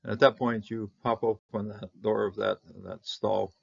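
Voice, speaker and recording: A man who grew up in Canada, teaching Hebrew Bible words in an informal lesson, halting with many fillers and sounding out the Hebrew slowly. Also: lowish voice, flat delivery, gravelly, breathy edge, lo-fi sound.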